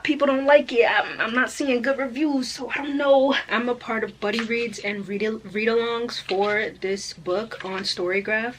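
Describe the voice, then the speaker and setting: A young woman vlogging about books in a casual, gushing, excitable way full of slang. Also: mid-range voice, a little hiss or hum. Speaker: book vlogger. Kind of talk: casual chat to camera.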